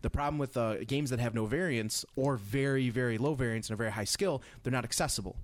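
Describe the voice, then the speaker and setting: A man talking through tabletop game ideas in a casual podcast chat, middle-pitched and steady. He often restarts his sentences while explaining. The sound is dry and close, with no room echo. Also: fast talker.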